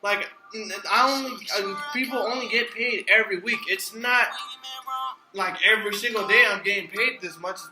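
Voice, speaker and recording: A man's voice: high voice, normal speed. A young man casually telling a frustrated, profane story as a vlogger, often repeating himself and restarting sentences. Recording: echoey room with music behind.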